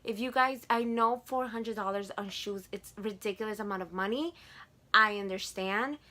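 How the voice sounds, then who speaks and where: A woman's voice: mid-range voice, normal speed, pushed and bright. A woman in her twenties with a Spanish accent, chatting to camera in a casual haul vlog, gushing and repeating words for emphasis. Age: 20s. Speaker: vlogger.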